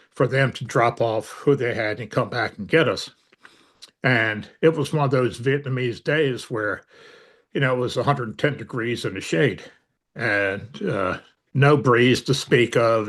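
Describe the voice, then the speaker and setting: A man's voice: medium pitch, a bit bright. An older man recounting old memories in an interview, rambling with many fillers and dry humor. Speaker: interviewee, veteran. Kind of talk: storytelling interview.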